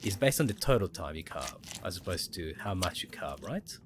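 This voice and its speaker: Over a noisy background, a low-pitched, very animated voice at a moderate pace comes from a livestreamer who muses aloud during a survival game and walks viewers through how things work.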